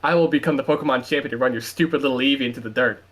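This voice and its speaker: A man's voice: mid-range voice, racing, a bit bright, close to an everyday voice. A man voicing an arrogant young male rival who mocks and threatens his opponent. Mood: sneering. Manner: mocking, scornful.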